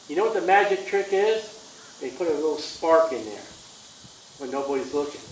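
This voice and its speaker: Combative high-voiced preacher in an echoey room. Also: male voice, expressive, fairly quick, far from the mic. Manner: combative, sarcastic, swinging loud to soft. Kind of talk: sermon.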